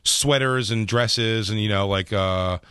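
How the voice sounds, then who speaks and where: A man's voice: lowish voice, measured pace, clear, resonant tone, dry recording, studio quality. Man telling raunchy stories on the radio. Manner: profane, animated anecdotes with laughs. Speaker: comedian guest. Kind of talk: radio interview storytelling. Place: radio studio. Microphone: studio microphone.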